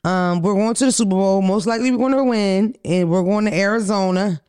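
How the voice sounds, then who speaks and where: A man with a high, light voice, chatting on a podcast. He talks in an animated, joking way and swears freely. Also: brisk, clear, resonant tone. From Philadelphia. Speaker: podcast co-host. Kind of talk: casual chat.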